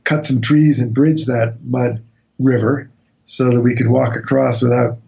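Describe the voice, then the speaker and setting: A man recounting an expedition as a radio interview guest, telling it as a lively anecdote and acting out what people said. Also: medium pitch, measured pace, creaky, dull audio. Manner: animated anecdotal storytelling, acts out quotes.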